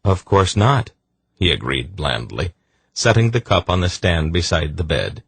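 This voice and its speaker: A male audiobook narrator reads in a measured, deliberate way. His voice is very deep with a husky edge. The recording is dry and close. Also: big pitch swings, a bit bright, no echo. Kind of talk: scripted narration.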